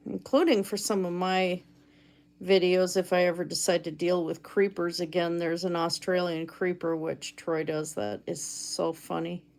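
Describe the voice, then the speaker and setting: A woman's voice: on the low side, steady tone, normal speed, darkish tone. A woman live streaming from her cabin, chatting casually and reading viewer comments aloud while she makes chainmaille jewelry. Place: home cabin.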